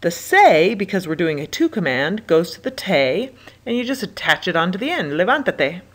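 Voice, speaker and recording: A woman's voice: fairly low pitch, sing-song, moderate pace. A young adult woman teaching Spanish verb commands in a chatty, upbeat way, switching between explanation and short drills. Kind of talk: recorded classroom lesson.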